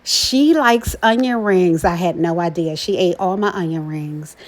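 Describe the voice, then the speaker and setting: A woman's voice: fairly low pitch, a little slow. A middle-aged mother narrating a casual travel vlog, chatty and affectionate, often tagging her sentences with "right?". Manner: chatty, keeps adding "right?"; warm and emotional about her daughter. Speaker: vlogger, mother.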